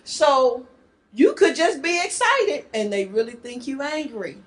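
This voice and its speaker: A woman's voice: high voice, lively intonation, unhurried. A woman co-presenting a seminar on communication in marriage, teaching with playful banter and acting out short dialogues in little character voices.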